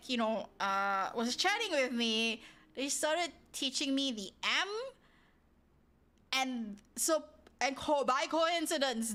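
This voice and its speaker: A woman hosting a live stream, chatting casually with viewers, rambling, breaking off mid-sentence and often laughing as she talks. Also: high voice. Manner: animated, rambling, frequent self-interruptions and exclamations. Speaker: livestream host. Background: soft background music.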